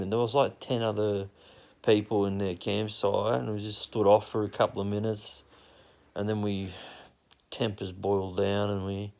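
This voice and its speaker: A man's voice: lowish voice, vocal fry, a little mellow. An Australian man telling a crude, rambling anecdote outdoors, swearing freely in a laid-back way. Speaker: storyteller. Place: outdoors in nature.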